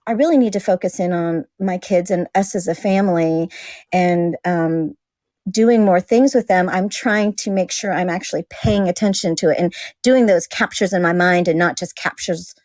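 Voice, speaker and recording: A woman's voice: lowish voice, moderate pace, darkish tone, no room sound. Chatty woman, dry close sound. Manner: chatty, laughs often, acts out quoted dialogue. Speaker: guest; single mother. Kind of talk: casual conversation.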